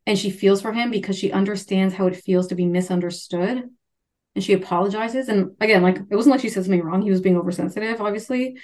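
Woman podcast cohost, casual book chat, acts out the lines, mid pitch. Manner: animated, acts out characters' lines in quick voices. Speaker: podcast co-host.

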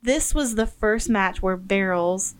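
A woman's voice: medium pitch, slow, smooth. Giggly American woman podcast co-host. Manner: giggly, stumbles while reading aloud. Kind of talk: casual podcast chat.

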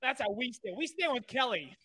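A man's voice: very high voice, very animated, brisk, bright, forceful tone. A man talking as a guest author in a casual interview, joking playfully.

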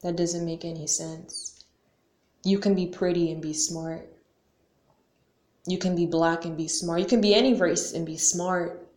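A woman's voice: lowish voice, fairly even intonation, unhurried, pauses often, darkish tone. A young woman talking casually to camera as a vlogger, slangy and full of questions, often saying "like" and cursing now and then. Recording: roomy echo.

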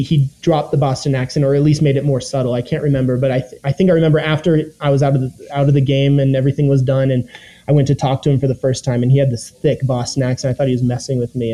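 Over a rough recording, a young adult man who was once a reality competition contestant casually recounts his time on the show in an interview. He rambles with lots of ums and fillers, quoting his own thoughts, in a deeply mellow, warm voice of middling pitch.

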